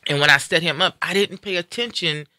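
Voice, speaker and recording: A man's voice: fairly high pitch, brisk, dry recording, studio quality. A man hosting a live stream, telling a personal story in an earnest, reflective way and acting out what others said. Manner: earnest, reflective, animated when quoting others.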